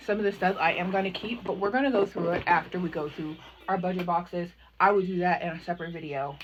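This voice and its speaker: A young adult woman chatting excitedly as a makeup vlogger, full of asides and "like". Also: mid-range voice, lo-fi sound, a little hiss or hum. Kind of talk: casual unboxing chat.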